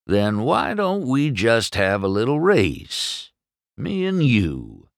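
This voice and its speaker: A man's voice: medium pitch, sing-song, slow, no echo, clean studio sound, pitched above the performer's own voice. A man voicing a stern older male car in a storybook read-aloud, curt and unimpressed.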